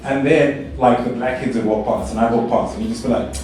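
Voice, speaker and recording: A young man from South Africa performing a stand-up comedy routine, telling stories in an animated way and jumping to high squeals when he quotes himself. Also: brisk. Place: stage in a club or hall. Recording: echoey live stage sound from a distance.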